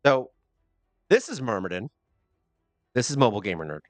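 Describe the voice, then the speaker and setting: A man's voice: medium pitch, sing-song, normal speed, dry recording, faint music behind. A man hosting a mobile gaming channel, rambling through casual game commentary with self-deprecating jokes.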